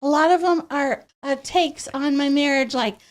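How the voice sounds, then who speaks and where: A woman who grew up in Miami, a podcast guest telling stories in an animated way and acting out the quotes. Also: high voice, normal speed. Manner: animated, acts out quotes in voices. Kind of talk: storytelling in a podcast interview. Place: studio.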